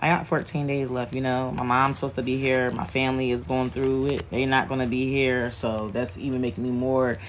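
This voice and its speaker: A woman's voice: a bass voice, flat delivery, a little fast, hardly any pauses, slight background noise. Grieving woman talking frankly while sewing. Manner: frank, rambling, emotional, swears freely. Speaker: wig maker working while talking. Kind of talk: candid talk to camera while working.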